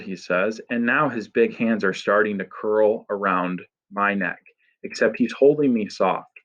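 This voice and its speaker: Intense low-voiced male audiobook narrator. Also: unhurried, fairly bright tone, highs cut off. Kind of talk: first-person audiobook narration.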